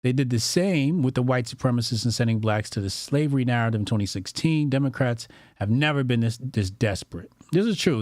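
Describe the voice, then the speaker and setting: A man's voice: mid-range voice, no room sound, studio quality. A man hosting a political commentary livestream, talking bluntly and profanely and reading out viewer donations. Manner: blunt and profane, with lots of repetition.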